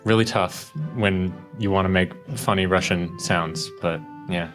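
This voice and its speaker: A man's voice: low-pitched, a little slow, soft background music. A man co-hosting a tabletop game podcast, joking around and swearing casually. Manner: swears casually, jokey and animated. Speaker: game master co-host. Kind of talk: casual chat, podcast intro.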